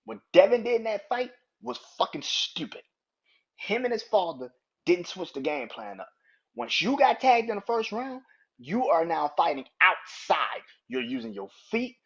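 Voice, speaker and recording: A man's voice: high voice, sing-song, normal speed, gravelly, slightly rough. A man hosting a solo sports podcast, ranting in a heated, profane, emphatic way. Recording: dull lo-fi recording.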